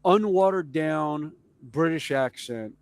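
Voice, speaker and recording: A man with a Southern US accent telling stories in a casual chat, animated and chuckling as he goes. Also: a little high, slow, clean tone, dry recording. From Southern United States. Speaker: podcast co-host.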